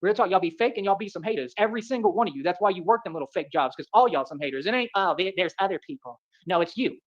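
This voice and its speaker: A man from delivers a rapid, swaggering rant. He keeps circling back to the same boasts and pet phrases. The audio is muffled and lo-fi. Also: high voice, expressive. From Atlanta, United States. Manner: boastful, repetitive, keeps saying "real talk".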